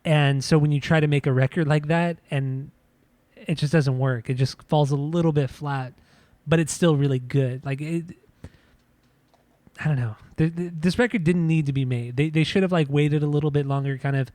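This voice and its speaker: A man co-hosting a podcast, his voice sitting a little high. He talks in a loose, halting way, circling back with fillers and restarts. The sound is dry and close. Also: steady tone, a little mellow, no echo. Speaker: podcast co-host. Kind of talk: casual music review chat.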